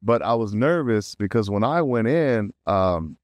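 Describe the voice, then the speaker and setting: A man guesting on an interview, telling stories in a lively way, often laughing and acting out quotes. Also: lowish voice, unhurried, no echo. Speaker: voice actor guest. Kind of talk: casual interview storytelling.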